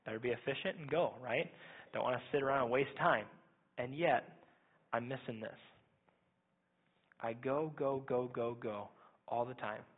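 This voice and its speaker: A young man preaching a sermon as pastor, quick and energetic, often asking "right?". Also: mid-range voice, slightly rough. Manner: fast-talking, energetic, repeats "right?". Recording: tinny phone-like sound.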